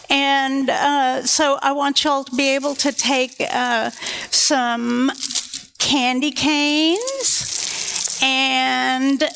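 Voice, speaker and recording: A woman reads a storybook to children at church. Her voice sits high and her pace is slow, and she breaks off to chat playfully with her young listeners. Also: fairly bright tone, slight background noise. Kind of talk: reading a children's story aloud.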